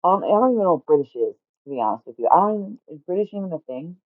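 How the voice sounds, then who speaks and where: A woman's voice: lowish voice, big pitch swings, racing, no room sound. Rambling, swearing woman on a tinny line. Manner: rambling, swears freely, gets loud and exasperated. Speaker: livestreamer. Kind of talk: casual rambling chat. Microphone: streaming mic. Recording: tinny phone-like dry sound.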